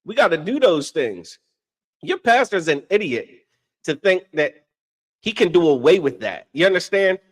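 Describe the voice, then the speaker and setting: Co-hosting a casual religious discussion, a man teaches in a preachy manner, often asking "you understand?" and laughing at his own stories. His voice sits high and sing-song, at a moderate pace.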